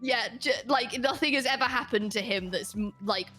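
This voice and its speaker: A woman in casual chat, animated and laughing as she acts out people in her stories. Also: fairly high pitch, normal speed, soft background music. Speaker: guest.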